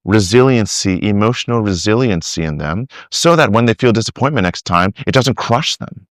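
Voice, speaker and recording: A middle-aged man telling stories on a podcast about discipleship. He talks in an animated way, acts out what people say, and often restarts his sentences. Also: fairly low pitch, normal speed, no echo, clean studio sound. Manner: animated storyteller, acts out quotes, many restarts. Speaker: discipleship teacher, guest. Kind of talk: conversational podcast interview.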